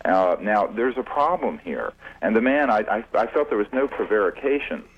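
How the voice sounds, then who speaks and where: Husky low-voiced man on a phone line. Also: lively intonation. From United States. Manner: deliberate, halting with many fillers and restarts. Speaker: UFO researcher guest. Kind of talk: radio interview.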